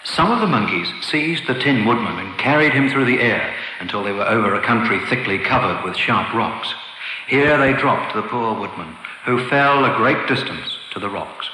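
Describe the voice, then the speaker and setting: A man narrating a storybook reading with expressive, lilting delivery, recorded in an echoey room with long reverb. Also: fairly low pitch, normal speed, slight background noise.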